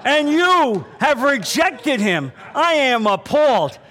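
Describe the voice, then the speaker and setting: A man voicing a stern male courtroom judge who speaks with slow, raised emphasis. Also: extremely high pitch, a bit bright, pitched above the performer's own voice. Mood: indignant.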